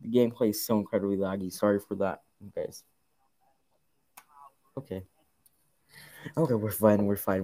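A young man streams a horror game, offering casual live commentary as he thanks followers and nervously repeats himself. His voice is mid-range with a darkish tone; there's no room sound, and the audio quality is poor.

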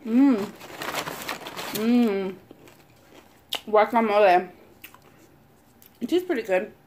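A woman's voice: medium pitch, extremely slow, a little mellow, a little hiss or hum. A young woman vlogger and mother who chats casually and swears a lot while eating on camera. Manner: chatty, swears a lot, rambling. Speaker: mukbang vlogger. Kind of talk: casual eating-show chat.

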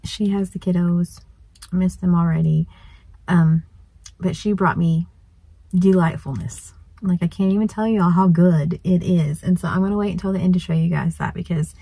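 A woman vlogger chats away outdoors beside a lake. Her voice is mellow and slightly breathy. She gushes freely and now and then drops to a soft whisper. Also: fairly low pitch, fairly even intonation, moderate pace, no echo, low-quality recording. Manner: chatty and gushing, at times whispering. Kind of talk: casual chat.

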